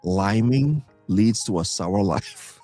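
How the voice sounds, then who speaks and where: A man's voice: on the low side, lively intonation, extremely slow, mellow, faint music behind. A man from Trinidad co-hosting a casual live-stream chat, easygoing, laughing often and repeating words as he thinks. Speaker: co-host, singer.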